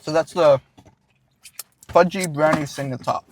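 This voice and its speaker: A man's voice: on the high side, steady tone, moderate pace, a little hiss or hum. A man co-hosting a casual food review, describing textures and flavors in a thoughtful way.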